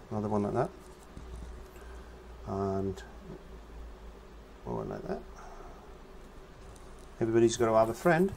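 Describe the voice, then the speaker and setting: A man's voice: fairly low pitch, wildly swooping pitch, measured pace, creaky, long pauses, darkish tone, a little hiss or hum. A man giving a casual painting lesson, chatting as he works and humming nonsense syllables while he paints. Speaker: painting teacher.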